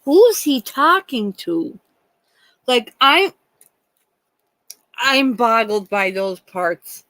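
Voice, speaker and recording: Woman livestream host, unhurried, rambling and indignant, dry close sound. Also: fairly high pitch, very animated, a bit bright, no echo, poor audio. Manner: rambling and indignant, many restarts, swears. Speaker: true crime livestream host. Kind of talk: casual livestream chat.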